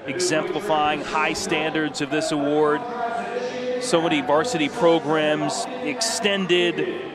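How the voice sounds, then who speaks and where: A man commentating a live tennis broadcast in an upbeat, emphatic manner. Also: a little high. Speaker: sports commentator. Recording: loud arena crowd behind. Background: crowd in an arena.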